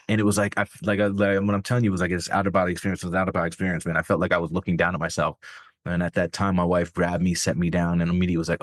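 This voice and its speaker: Man, very low voice, middle-aged, podcast guest, casual profane storytelling, dry close sound. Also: level tone, fast talker, no room sound. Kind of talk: candid conversational storytelling.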